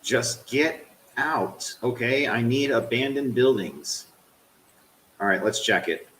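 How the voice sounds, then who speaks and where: A man streaming a game, swearing at it and swinging from low grumbling to loud yelling while he talks to his chat. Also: slow pace, roomy sound, a little hiss or hum, poor audio. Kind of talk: live game stream commentary.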